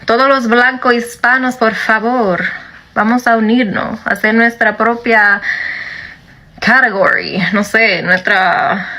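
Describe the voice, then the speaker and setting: A woman chatting casually to camera in an animated way, switching between two languages. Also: on the high side. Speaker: video creator.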